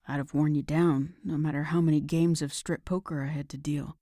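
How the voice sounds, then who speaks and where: A woman voicing a tender, devoted young man in an audiobook romance, speaking low, soft and earnest. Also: fairly even intonation, a little fast, dry recording, studio quality, natural voice. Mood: firm.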